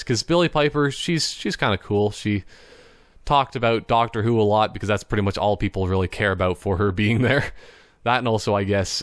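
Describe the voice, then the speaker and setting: Talking at his computer indoors, the young Canadian solo podcaster has a lowish, slightly bright, clean-toned voice with no echo. He chats casually, rambles, laughs a lot and now and then does playful impressions, all in clean studio sound.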